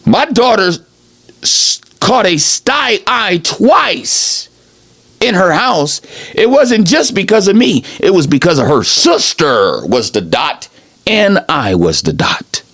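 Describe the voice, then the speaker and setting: A man's voice: high voice, big pitch swings, slow pace, a bit bright. A man giving a rambling improvised sermon as a self-styled preacher, emphatic and repeating "okay?" after his points.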